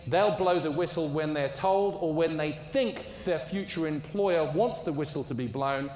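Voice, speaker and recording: A man delivering a conference speech, telling an anecdote in an emphatic storytelling way. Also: on the high side. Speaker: conference speaker. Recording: echoey hall with long reverb.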